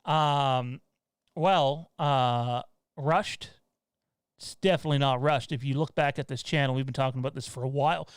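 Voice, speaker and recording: A man's voice: medium pitch, steady tone, moderate pace, smooth, no room sound. A man hosting a casual livestream from home, rambling and blunt, turning heated with swearing. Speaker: show host.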